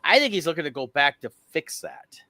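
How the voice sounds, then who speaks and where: A man's voice: on the high side, very animated, a little fast, pushed and bright, no echo. A man co-hosting a podcast, chatting casually and rambling with restarts. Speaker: podcast co-host. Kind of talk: casual chat.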